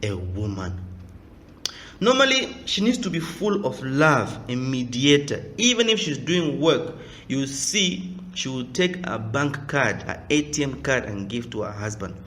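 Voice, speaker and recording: A man's voice: medium pitch, big pitch swings, a little slow, fairly bright tone, a little hiss or hum. A man giving a preaching lecture as a spiritual teacher, speaking emphatically, asking rhetorical questions and acting out the voices of people he quotes.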